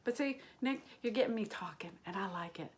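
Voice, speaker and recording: A woman's voice: mid-range voice, expressive, a little fast. A woman comedian chatting casually from her kitchen as she answers viewer questions, rambling and crude, with many fillers and whispered asides. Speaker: stand-up comedian. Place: home kitchen.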